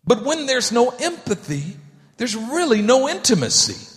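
Male pastor, lively swooping delivery, jokey sermon style, reverberant church hall. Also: extremely high pitch, a little slow. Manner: animated, acts out voices for humor.

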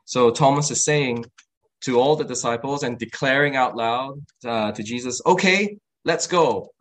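A man delivering a sermon at a mid-range pitch. His tone is earnest, and he often breaks off to restart a phrase. When he voices the people he quotes, his pitch climbs. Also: fairly even intonation, rough recording. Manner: earnest, acts out quoted lines with rising pitch; halting with restarts and fillers. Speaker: preacher.

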